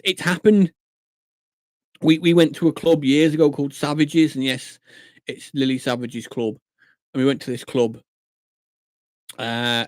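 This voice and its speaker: A man's voice: medium pitch, no echo, studio quality. A man from Shropshire, chatting casually on a live stream, swearing and laughing often. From England, Shropshire. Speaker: livestreamer.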